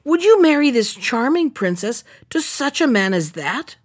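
A woman's voice: sits high, very animated, normal speed, breathy edge, heavily acted. A woman reading the lines of a bold young prince in a fairy tale, confident and courteous.

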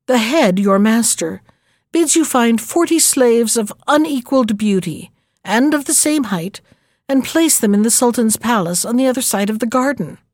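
A woman's voice: on the high side, animated, normal speed, a little mellow, dry recording, clean studio sound. A woman voicing a poor, worried old woman in a storybook reading, with an anxious manner. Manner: anxious, pleading.

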